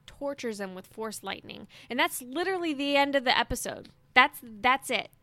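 A woman's voice: sits high, animated, moderate pace, sharp tone, no echo. A woman hosting a fan podcast, gushing as she recaps an episode in casual chat. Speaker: podcast host.

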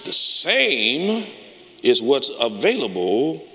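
A man preaching a sermon as pastor, telling stories with lively call-and-response energy. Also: mid-range voice, takes it slowly, slight background noise. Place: church sanctuary. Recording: long reverb of a church hall.

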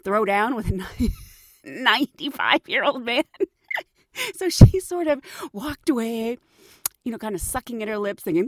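Casting: middle-aged woman podcast host, animated, laughs a lot, very lively up and down, dry close mic. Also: on the high side, unhurried, no echo. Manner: chatty, laughs often, animated. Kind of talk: storytelling podcast.

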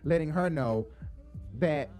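A man's voice: on the high side, animated, slow, a little mellow, faint music behind. A man giving blunt, profane, sassy commentary while reacting to a reality show.

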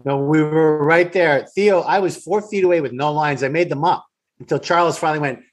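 A man's voice: on the high side, brisk. A man who is a guest actor, telling stories from set over a remote call with weak wifi, emphatic and swearing freely. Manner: emphatic, profane storytelling.

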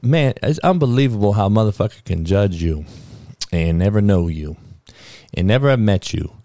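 A man's voice: low-pitched, dark tone, no room sound, studio quality. A middle-aged man from Compton, a football coach hosting his own show, ranting bluntly with heavy swearing. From Compton, California. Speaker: football coach and podcast host. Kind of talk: profane ranting monologue.

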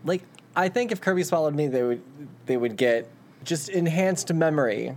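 This podcast co-host muses out loud in a medium voice that rises and falls freely. They wander through fillers as they think, over a faint hiss. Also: medium pitch, animated, normal speed. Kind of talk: casual chat.

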